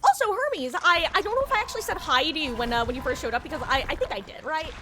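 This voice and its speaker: A woman's voice: high voice, lively intonation, fast talker, background noise. A woman live-streaming a game, chatting casually with viewers, greeting them and musing on playful wordplay. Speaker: livestreamer. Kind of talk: casual live-stream chat while gaming. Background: game music.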